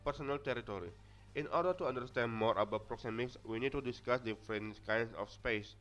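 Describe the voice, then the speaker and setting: A young Indonesian man, Indonesian being his first language, gives a student class presentation in a brisk, mid-range, fairly bright voice. He reads from notes, often restarting and stumbling. The audio is dull and lo-fi.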